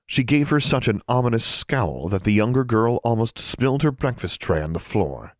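A man narrating a novel as an audiobook in steady storytelling. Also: medium pitch, moderate pace, no echo, studio quality. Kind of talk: scripted narration.

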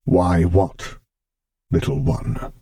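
A man voicing an armored dark lord who speaks to a child slowly and fondly. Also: little pitch movement, gravelly, full character voice. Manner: slow, soft, fond rumble.

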